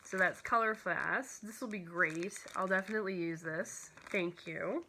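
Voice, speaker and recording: A woman's voice: on the low side, a little slow, pushed and bright, slight background noise. A woman vlogging about cross-stitch gifts, chatting casually and gushing with lots of "like" and "you know", at home before a camera. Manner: emotional, near tears at times. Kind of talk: casual show-and-tell chat.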